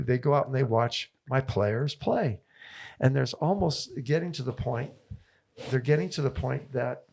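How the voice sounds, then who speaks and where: A man's voice: mid-range voice, gravelly, a little mellow. A man, a tennis coach telling stories in an interview with enthusiastic, repetitive rallying phrases. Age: 70s. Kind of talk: interview guest storytelling.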